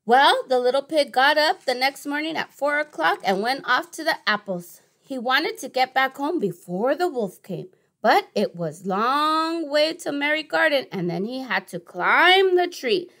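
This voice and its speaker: Expressive woman teacher reading a storybook. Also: high voice, a little slow. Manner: expressive, gasping with surprise, asks questions. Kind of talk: read-aloud storytime for children.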